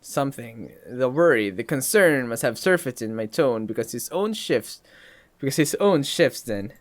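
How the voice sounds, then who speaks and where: A man's voice: medium pitch, lively intonation, normal speed. A man hosting a let's play, reading a story game aloud and breaking off for joking comments.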